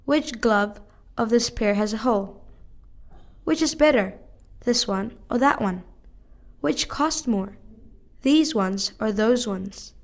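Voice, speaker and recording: Female English teacher, fairly high voice, careful measured delivery of practice sentences. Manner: measured, careful reading of one question at a time. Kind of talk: reading drill sentences aloud.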